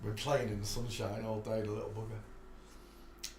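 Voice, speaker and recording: A man's voice: fairly low pitch, level tone, a little slow, darkish tone. Chatty man in an echoey room. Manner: chatty, laughs often, talks loosely in asides. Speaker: livestream host. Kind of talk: rambling live stream chat. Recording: echoey room, faint background noise.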